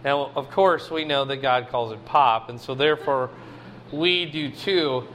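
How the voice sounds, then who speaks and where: A man's voice: medium pitch, measured pace, a bit bright, a little hiss or hum. A man in his fifties preaching a casual sermon in a folksy way, with joking asides. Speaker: pastor.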